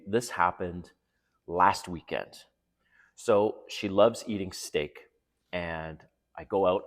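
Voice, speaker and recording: A middle-aged man hosting a casual dating-advice vlog, telling stories in a chatty way and chuckling often. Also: sits low.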